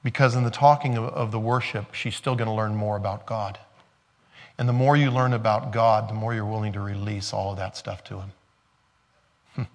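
A man's voice: fairly low pitch, fairly even intonation, normal speed, in a large hall. A man pastor preaching a sermon in a conversational way, with joking asides and laughter.

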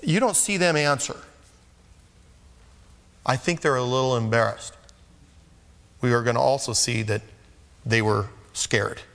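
A man's voice: medium pitch, measured pace, gravelly, pauses often, a bit bright. A man preaching a sermon in a conversational manner, acting out scripture scenes. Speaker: pastor. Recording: long echo of a large hall.

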